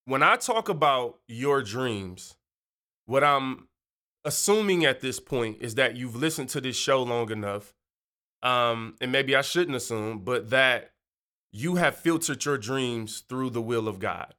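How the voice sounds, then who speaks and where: A man's voice: mid-range voice, expressive, measured pace, bright, forceful tone. A man hosting a faith podcast in a chatty, slangy way, going off on tangents and playfully slipping into joking voices. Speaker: podcast host. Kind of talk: casual faith podcast monologue.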